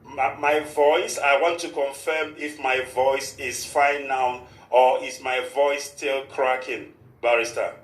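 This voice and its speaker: A man's voice: mid-range voice, steady tone, slow pace, hardly any pauses, roomy sound, poor audio. A man hosting a live radio show in a formal, repetitive manner, with a short prayer. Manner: formal, repeats "of course" often. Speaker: radio host.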